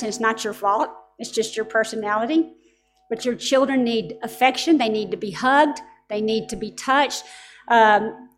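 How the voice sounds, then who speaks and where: A woman's voice: fairly high pitch, a bit bright. A middle-aged woman preaching a sermon to parents, telling stories in an earnest, direct way.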